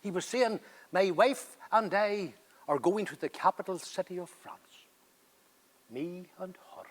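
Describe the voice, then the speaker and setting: An older man, telling stories and reciting verse in a playful, lively way. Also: sits high, moderate pace. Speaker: poet. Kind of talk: theatre dialogue and poem recital.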